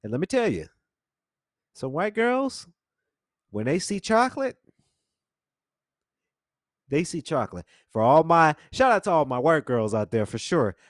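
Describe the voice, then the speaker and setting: A man's voice: a little high, big pitch swings, measured pace, long pauses, no room sound. A young man hosting a podcast, telling a rambling, jokey story full of slang. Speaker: podcast host. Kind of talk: casual storytelling monologue. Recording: dry close studio mic.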